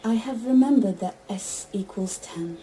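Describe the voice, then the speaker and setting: Mellow synthetic female assistant voice. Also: medium pitch, unhurried, slight background noise, low-quality recording. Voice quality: even, stilted text-to-speech delivery. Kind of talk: synthetic conversational replies.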